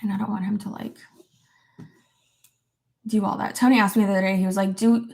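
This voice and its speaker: A woman's voice: mid-range voice, level tone, brisk, creaky, pauses often, darkish tone. A young adult woman vlogger chatting casually at her desk at home and reacting to viewer comments, with lots of "like" fillers and casual swearing. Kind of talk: casual chat.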